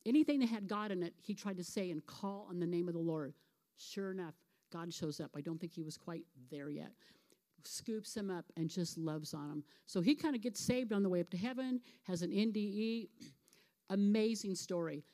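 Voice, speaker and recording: A woman's voice: mid-range voice, warm tone. A woman pastor retelling a near-death story in a sermon, acting out the quoted voices as she goes.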